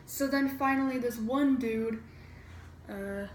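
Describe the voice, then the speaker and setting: A woman's voice: on the high side, takes it slowly, reverberant, slight background noise, rough recording. A woman casually retelling a history lesson in a chatty, irreverent way, acting out quotes and swearing now and then. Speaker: amateur history explainer.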